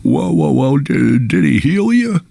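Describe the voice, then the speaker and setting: A man's voice: medium pitch, sing-song, measured pace, gravelly, warm tone, no echo, clean studio sound, pitched above the performer's own voice, full character voice. A man voicing an old traditional male Jesuit priest with a quaint, exclaiming lilt. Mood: startled, reassuring. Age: older.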